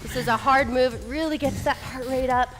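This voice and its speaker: A woman's voice: sits high, fairly even intonation, a little fast. A woman leading a follow-along workout, coaching with upbeat encouragement while getting out of breath. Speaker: fitness instructor. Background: workout music.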